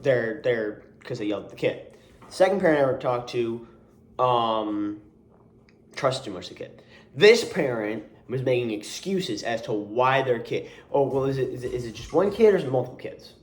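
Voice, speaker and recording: A young man who works as a camp coach, telling a story in a casual vlog, rambling with many restarts and asides and sounding exasperated. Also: mid-range voice. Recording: roomy echo.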